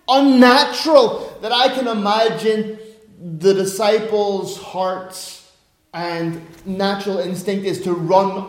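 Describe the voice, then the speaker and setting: A man preaching a sermon in a conversational way, now and then acting out the voices of the people in his story. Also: high-pitched. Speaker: pastor. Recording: echoey room.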